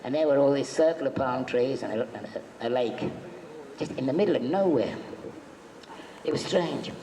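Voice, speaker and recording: A man's voice: medium pitch, normal speed, warm tone. A man telling jokey, chatty anecdotes as a guest on a convention panel, acting out the quotes in his stories. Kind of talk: anecdotal storytelling to a live audience. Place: convention hall. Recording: echoey hall, faint background noise.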